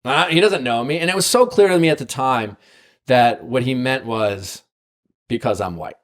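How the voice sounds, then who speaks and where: Male podcast host, casual storytelling, loose and rambling, mid-pitched voice. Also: moderate pace, a bit bright. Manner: rambling, many fillers and tag questions.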